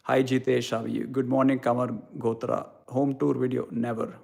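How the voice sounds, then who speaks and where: Here a young man with an Indian English accent talks with his live-stream audience in a level, medium-pitched voice that's creaky and a little mellow, at moderate speed. He responds to their questions with blunt irreverence and casual swearing.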